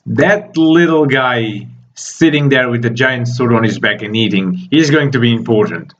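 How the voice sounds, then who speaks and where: A man's voice: mid-range voice, takes it slowly, muffled recording, a little hiss or hum. A man reading comic dialogue aloud and reacting to it, breaking off with exclamations and laughs. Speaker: manga reaction host.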